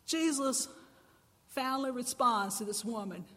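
A woman preaching a sermon in church, impassioned and swelling into loud, emphatic cries. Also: a little high, expressive, measured pace, big-room sound.

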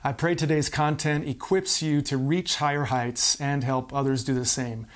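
A man's voice: medium pitch, fairly even intonation, normal speed. A male pastor giving a podcast sermon, explaining and reading scripture in an earnest way.

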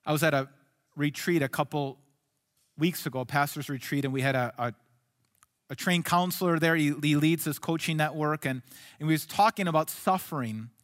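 High-voiced pastor in an echoing hall. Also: male voice, normal speed. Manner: earnest, swings between soft hushed lines and raised emphatic ones. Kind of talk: sermon.

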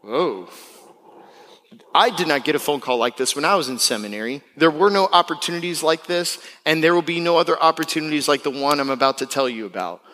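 A young man from Florida preaching a sermon as pastor, animated and acting out the people he quotes. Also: a little fast, long reverb tail. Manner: animated, acts out quotes with big pitch jumps. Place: church sanctuary.

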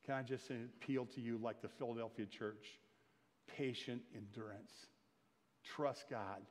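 Guy preaching a sermon, earnest, mid pitch voice, long church reverb. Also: steady tone, measured pace, long pauses. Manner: earnest, swells louder and higher at climaxes.

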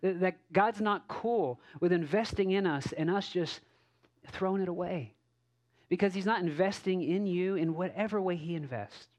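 A man preaching as a pastor in a relaxed, conversational sermon, telling stories with asides and frequent restarts. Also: high-pitched. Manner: casual, self-correcting, storytelling with asides. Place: church service.

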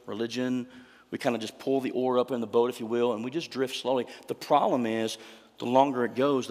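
A man's voice: medium pitch, a little mellow. Male pastor preaching in an echoey hall. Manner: conversational, emphatic preaching with rhetorical questions. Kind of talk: sermon. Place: church sanctuary. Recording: reverberant church hall.

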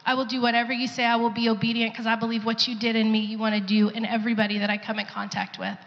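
A woman's voice: on the high side, flat delivery, racing, big-room sound, muffled recording. A woman sharing an earnest testimony in a church service, now and then acting out the voices of people she quotes. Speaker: pastor's wife sharing testimony. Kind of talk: sermon testimony.

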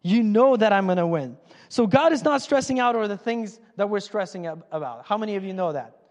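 High-voiced preacher in a reverberant hall. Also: male voice. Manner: animated, acts out Bible characters in quick voices. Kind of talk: sermon.

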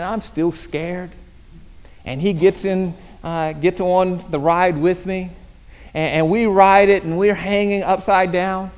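Pastor, male, high voice, storytelling sermon, repeats words at phrase starts, shifts between loud and quiet. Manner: storytelling, swings between loud bursts and hushed lines.

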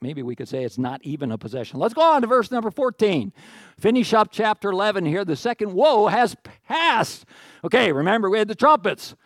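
Animated preacher with a dry sound. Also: male voice, a little high, dry recording. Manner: animated, jokey asides, acts out quoted voices. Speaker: pastor. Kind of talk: sermon.

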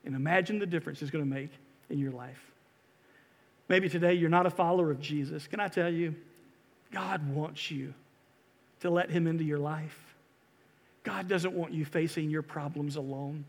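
A man preaching a sermon as pastor, impassioned, swinging from loud rousing calls to quiet earnest pleas. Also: on the high side, moderate pace, pauses often, in a large hall. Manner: impassioned, rising to loud exhortation and dropping to hushed pleas.

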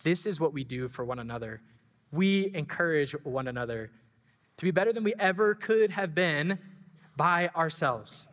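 A man with a bright, fairly high voice preaches to his congregation, telling a story with feeling and building to excited emphasis. His voice rings out through a church sanctuary with a long reverb trailing each phrase. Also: normal speed. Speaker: pastor and school track coach. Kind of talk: sermon.

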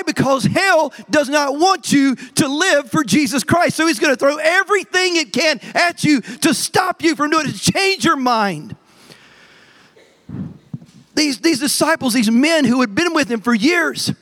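Guy preaching to his church, pretty high voice, punchy and repetitive, keeps telling people to look at him. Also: a bit bright. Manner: emphatic, repetitive preaching with calls to the congregation. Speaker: pastor. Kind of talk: sermon. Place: church service before a congregation.

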